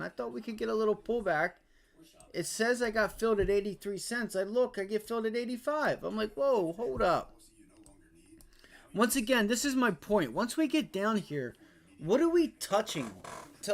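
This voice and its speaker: A man's voice: sits high, animated, moderate pace, vocal fry. A man hosting a live day-trading stream, talking viewers through charts with profane, exasperated rants and repeated phrases. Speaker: day-trading livestream host.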